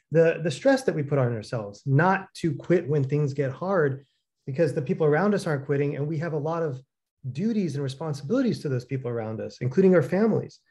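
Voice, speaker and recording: A man with a fairly high voice co-hosts a casual conversation. He talks in an animated way, full of fillers, and acts out the dialogue in his stories. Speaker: co-founder co-hosting a talk.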